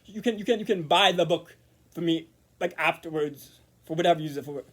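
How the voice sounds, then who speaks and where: A man vlogging in a casual monologue to camera, rambling with repeated words and restarts, murmuring quiet asides. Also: a little high, fairly quick.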